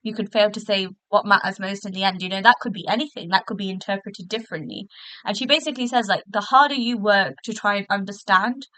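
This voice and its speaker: A woman's voice: medium pitch, fast, fairly bright tone, no echo, poor audio. A woman hosting a podcast, chatting casually through a review with lots of fillers and restarts, recorded in a hotel room. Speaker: podcast host.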